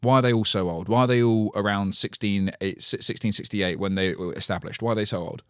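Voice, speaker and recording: A man co-hosting a podcast, telling stories in lively casual chat and swearing freely. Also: fairly low pitch, quick pace, clean tone, no room sound, studio quality. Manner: animated storyteller, swears freely. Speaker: podcast co-host.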